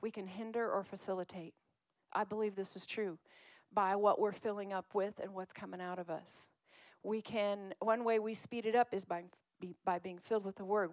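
A woman delivers a sermon in a chatty, coaxing way, drawing her listeners in as if she were talking with them rather than at them. Her pitch sits in an ordinary middle range. The recording is dry and close, with no room echo. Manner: conversational, coaxes the congregation to call out scriptures. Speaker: preacher.

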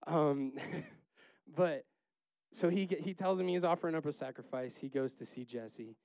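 A man leading a casual Bible study, chatty and laughing, acting out the characters in quick asides. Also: fairly high pitch, darkish tone, dry recording.

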